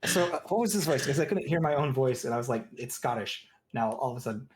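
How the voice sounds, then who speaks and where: A man's voice: mid-range voice, expressive, racing. A man as game master, chatting casually in a rambling way. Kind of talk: casual chat.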